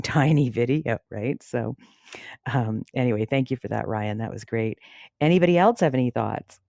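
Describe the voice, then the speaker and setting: A podcast host moderating a casual online group discussion, chatty and laughing often, trailing off into a low murmur at the ends of phrases. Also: a little mellow, no echo, studio quality. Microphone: phone app audio chat.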